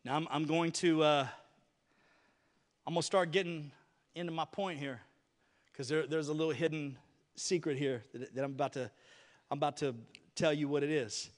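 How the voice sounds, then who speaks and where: A man's voice: fairly high pitch, steady tone, moderate pace, long pauses. A man preaching a sermon to a church congregation, calling for responses and repeating key phrases for emphasis. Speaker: pastor.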